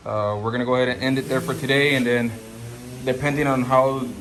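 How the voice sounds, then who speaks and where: A man's voice: mid-range voice, level tone, fairly quick, fairly bright tone, soft background music. A man hosting a casual car build vlog, talking in a laid-back, rambling way through his garage work. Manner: laid-back, rambling, repeats "gonna go ahead".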